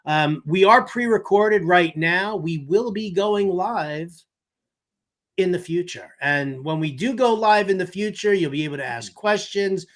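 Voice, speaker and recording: A man's voice: high voice, expressive, a little slow. A man in his mid-fifties hosting a fantasy baseball podcast, rambling, joking and cursing freely in casual chat. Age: 50s. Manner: rambling, jokey, curses freely. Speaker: podcast host.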